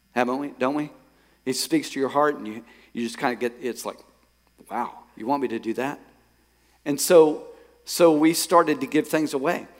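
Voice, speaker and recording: A man preaching in a mid-pitched voice. He tells a personal story and often drops low and quiet, then builds to loud, emphatic peaks. The sound carries a long, lingering reverb from a large hall. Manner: storytelling, rising to emphatic bursts. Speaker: pastor. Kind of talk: sermon.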